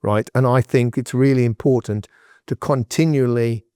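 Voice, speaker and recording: A man's voice: medium pitch, steady tone, moderate pace, darkish tone, clean tone, dry recording, studio quality. Emphatic man giving business advice. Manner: emphatic, direct, conversational. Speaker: guest entrepreneur. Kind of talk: podcast interview, advice.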